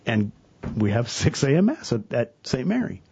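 A middle-aged man talks about faith with earnest energy. His husky voice rises and falls widely as he acts out his stories. The sound is dry and a little dull, like a lo-fi studio recording. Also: mid-range voice, moderate pace. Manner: earnest, animated storyteller, quotes people in voices. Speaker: church worker, guest on a talk show. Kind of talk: casual faith talk.

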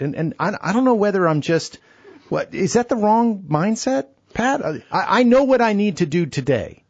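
A man hosts a talk show about faith and speaks in a candid, friendly way. His voice is husky and a bit high, with a lively pitch. The audio is dry and dull, like a lo-fi studio recording. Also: moderate pace, no echo. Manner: friendly, candid, asks questions.

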